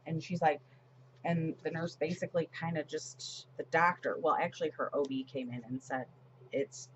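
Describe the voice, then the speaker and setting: A woman's voice: sits low, dull audio, slight background noise. A woman in her forties chatting casually as she decorates her planner, retelling a story with lots of fillers and restarts. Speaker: planner vlogger.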